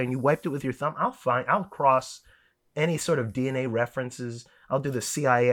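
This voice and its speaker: A man co-hosting a podcast, joking and riffing in a casual chat. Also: medium pitch. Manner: animated, joking, quick to riff. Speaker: podcast co-host.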